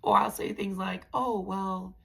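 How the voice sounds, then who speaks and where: A woman's voice: mid-range voice, steady tone, measured pace, gravelly, fairly bright tone, husky. A woman hosting a podcast, telling her own story in a candid, blunt way and often calling her listeners y'all. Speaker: podcast host. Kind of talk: confessional personal storytelling.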